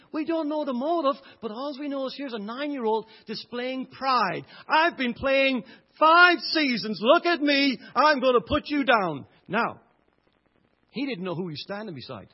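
A middle-aged Irish man preaching a sermon with passion, swinging between loud outbursts and hushed moments. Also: high-pitched, slightly rough. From Ireland. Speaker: pastor. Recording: dull lo-fi recording.

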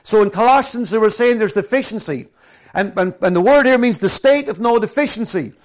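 A man preaching a sermon. He drops to hushed, slow scripture reading and then builds to loud, lively storytelling. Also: sits high. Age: adult, former professional soccer player.

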